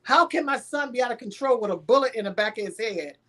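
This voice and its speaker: A woman's voice: on the high side, animated, quick pace, fairly bright tone. Brief: middle-aged woman, emotional storytelling, dramatic delivery with acted quotes. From Houston, Texas. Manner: dramatic, acts out pleading and quotes with big swings. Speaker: guest telling a personal story.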